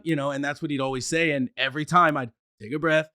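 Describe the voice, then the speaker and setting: A man's voice: on the high side, fairly even intonation, fast, few pauses, pushed and bright, no echo, studio quality. A man who stutters, talking eagerly as a podcast guest, with restarts and frequent laughs. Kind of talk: casual chat.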